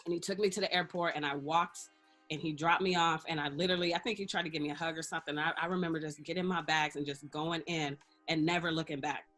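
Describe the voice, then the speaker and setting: Expressive woman telling her story, faint music. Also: low-pitched, fast talker. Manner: expressive, laughs often, acts out quoted dialogue. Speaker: interview guest, radio personality and life coach. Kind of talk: candid storytelling in a casual interview.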